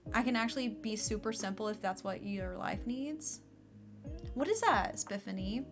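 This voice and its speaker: Young woman, casual game-stream chat, lots of "like", mid-pitched voice, faint music behind. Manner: chatty, fills speech with "like".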